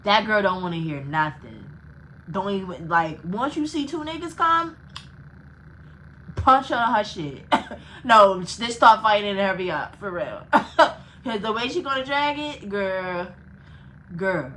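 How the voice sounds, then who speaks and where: A young woman vlogger telling a casual storytime, animated and profane, laughing between phrases. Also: medium pitch, slow, a little hiss or hum, low-quality recording.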